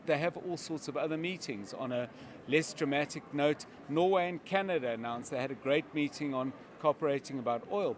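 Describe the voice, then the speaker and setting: A male media analyst talks through the news on a live broadcast, steady and explanatory, backing his points with examples. His voice sits a little on the high side for a man. Faint outdoor city noise with passing vehicles runs underneath. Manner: measured, explanatory, uses examples.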